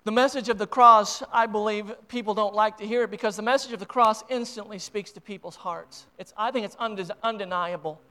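A man's voice: high-pitched, brisk, hardly any pauses, pushed and bright. An American man preaching a sermon as pastor, impassioned and emotional, with frequent restarts and repeated words.

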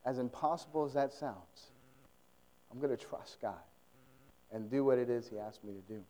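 A man preaching, voicing a poor widow mother in a soft, hushed, earnest tone. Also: medium pitch, normal speed, in a large hall, pitched below the performer's own voice, natural voice.

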